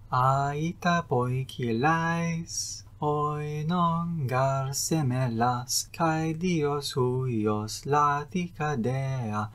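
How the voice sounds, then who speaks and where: A woman reciting ancient poetry in a deliberate, rhythmic delivery. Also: low-pitched. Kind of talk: slow recitation of ancient verse.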